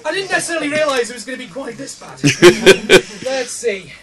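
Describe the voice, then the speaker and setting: A man's voice: very high-pitched, very animated, brisk. A man emceeing a comedy night, telling bad jokes to a live audience, laughing at himself and swearing. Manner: self-mocking, laughing at own jokes, swearing. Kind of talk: stand-up joke telling. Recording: distant mic, loud crowd.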